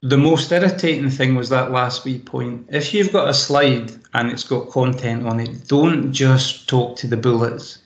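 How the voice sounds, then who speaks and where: A man's voice: medium pitch, gravelly, echoey room. A man with a Scottish accent giving practical, anecdotal tips in an online training session over a laptop video call. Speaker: presentation skills trainer. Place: home room. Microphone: laptop microphone on a video call.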